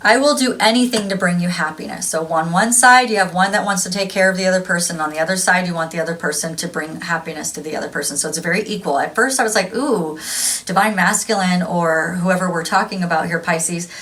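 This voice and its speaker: A woman's voice: on the low side, fast talker, a bit bright, rough recording. A woman giving a casual tarot reading, chatty and gushing, laughing often. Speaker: tarot reader.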